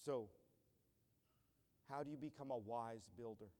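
A man's voice: mid-range voice, measured pace, warm tone. A man pastor preaching a sermon in an earnest style that builds to emphatic declarations. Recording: long church hall reverb.

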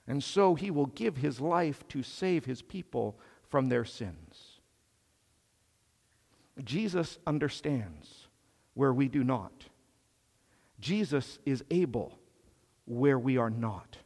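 A man preaching a sermon in a slow, measured way, swelling on emphatic phrases. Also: mid-range voice, expressive, vocal fry, darkish tone, in a large hall.

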